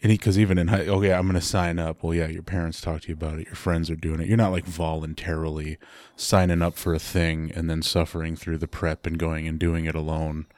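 A man hosting a podcast and working as a personal trainer, talking in a relaxed, reflective way with casual swearing. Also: low voice, brisk, few pauses, no room sound, studio quality. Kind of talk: casual chat. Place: martial arts academy.

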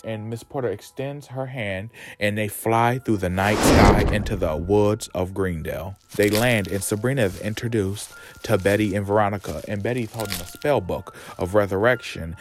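A man's voice: fairly low pitch, normal speed, background noise. A man giving a campy, sassy, profane recap of a TV show. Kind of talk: casual TV recap. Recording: music playing under voice.

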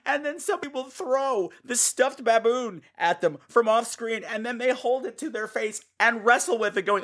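A man's voice: high-pitched, animated, fast talker, hardly any pauses, a bit bright. A man hosting a podcast, ranting sarcastically about a bad movie, swearing and squealing as he acts out scenes. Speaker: podcast host. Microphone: home mic turned up high.

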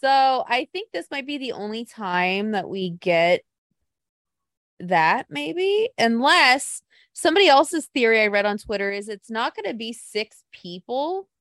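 A woman co-hosting a casual podcast chat, telling stories in an animated, gushing way. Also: a little high, unhurried, no echo, clean studio sound.

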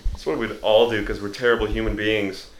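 A man's voice: on the low side, level tone, a little fast, roomy sound. A man hosting a casual podcast, joking and rambling with plenty of fillers. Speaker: podcast host. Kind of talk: casual crude banter.

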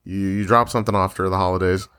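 A man's voice: low voice, fairly even intonation, very fast, a bit bright, clean tone. A man hosting a casual podcast chat, rambling with fillers and laughing often. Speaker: podcast host.

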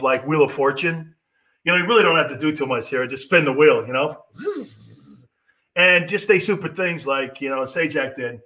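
A man's voice: fairly high pitch, bright, forceful tone. A middle-aged man hosting a sports talk show, brash and mocking as he rants about quarterbacks. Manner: brash, mocking, puts on whiny impressions. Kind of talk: opinionated sports talk monologue.

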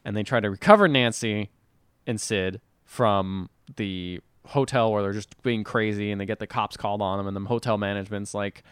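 A man retelling a film's plot in a loose, rambling way, jumping into the characters' lines as he goes. His voice is smooth and clear. The sound is dry and close to the mic. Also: fairly low pitch, fairly even intonation, moderate pace, a bit bright, no echo. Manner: rambling storyteller who acts out characters' lines. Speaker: podcast co-host. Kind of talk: casual chat recapping a movie.

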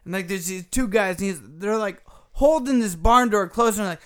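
Speaking briskly in a smooth, high register, a gaming podcast co-host tells a long story in a laid-back conversation. His telling is animated and profane, with quotes acted out as he goes.

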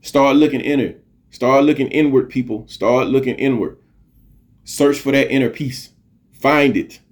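A man's voice: medium pitch, a little slow. Middle-aged male podcast host, mid-range voice, earnest motivational monologue, repetitive emphasis, casual swearing. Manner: earnest, preachy, repeats phrases for emphasis.

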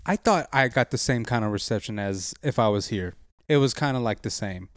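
A man co-hosting a podcast and trading loose, profane stories with a friend. His voice is smooth and resonant, set at an ordinary pitch. The sound is close and dry, with no room around it. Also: expressive, fairly quick, no echo. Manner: laid-back, profane storytelling with acted quotes. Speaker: podcast co-host. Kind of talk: casual chat.

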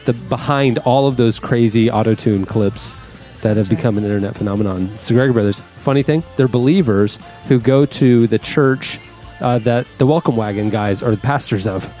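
A man's voice: medium pitch, warm tone, faint music behind. Upbeat male podcast host. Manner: upbeat, laughs often, quick asides. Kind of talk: casual chat.

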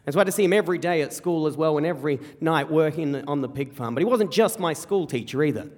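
An Australian man from rural South Australia telling a comic personal story live on stage, animated and quick with repeated phrases. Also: fairly high pitch. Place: theater stage before a live audience. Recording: long hall reverb from a live venue.

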